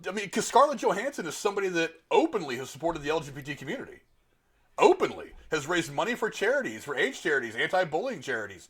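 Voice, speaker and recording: A man's voice: fairly high pitch, very animated, fast, a bit bright, husky. A middle-aged man hosting a podcast, arguing his opinions bluntly in casual, profane talk. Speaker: podcast host.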